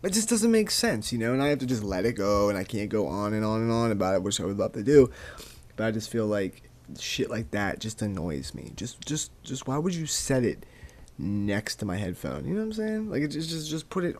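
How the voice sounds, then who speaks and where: A man's voice: lowish voice, big pitch swings, brisk. A young man hosting a casual solo podcast, ranting in a rambling, profane way and often repeating words as he goes. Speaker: podcast host.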